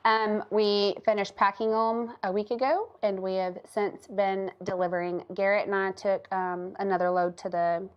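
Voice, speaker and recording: A woman's voice: mid-range voice, steady tone, normal speed, hardly any pauses, clear, resonant tone. Chatty woman, lo-fi sound. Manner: chatty, laughs often. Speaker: co-host. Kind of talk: casual chat. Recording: dull lo-fi sound.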